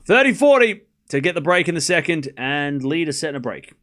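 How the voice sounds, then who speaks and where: A man's voice: on the high side, big pitch swings, brisk, a bit bright. Chatty Australian man calling tennis live. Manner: rambling, self-deprecating, swears casually. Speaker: live stream host. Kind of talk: casual live commentary to chat.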